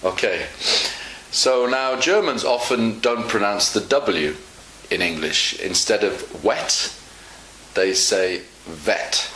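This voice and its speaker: A man teaching English in a relaxed online lesson, explaining slowly and patiently with many fillers. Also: on the low side. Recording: echoey room with faint hiss.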